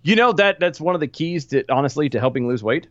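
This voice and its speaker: A man's voice: on the high side, animated, fast, fairly bright tone, no echo, highs cut off. A man co-hosting a casual podcast, laughing often and groping for words. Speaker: podcast co-host. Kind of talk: casual chat.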